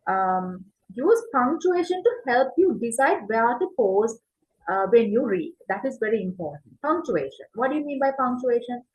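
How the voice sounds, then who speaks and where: In an online class, a woman teacher gives an exam-prep lecture, explaining step by step, posing questions and answering them herself, and checking in with "right?" between points, along with frequent fillers. Her voice is on the high side and sing-song, at a moderate pace, with the highs cut off.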